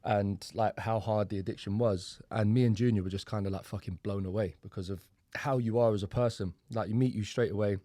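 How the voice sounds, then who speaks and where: A man's voice: fairly low pitch, fairly even intonation, a little fast, few pauses, warm tone, dry recording, clean studio sound. A young man with a London accent hosting a podcast in casual, blunt chat that is full of swearing. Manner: blunt, swears freely, loose and chatty. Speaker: podcast host.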